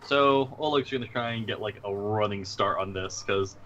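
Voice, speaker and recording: A man's voice: fairly low pitch, normal speed, fairly bright tone, highs cut off, a little hiss or hum. A man playing a tabletop role-playing game, speaking for his character with dry, gloomy humor. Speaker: player.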